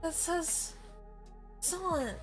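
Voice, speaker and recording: A woman streamer with a high voice talks slowly, rambling in bafflement and breaking into laughter. Faint music plays softly behind her. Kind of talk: casual live-stream chatter.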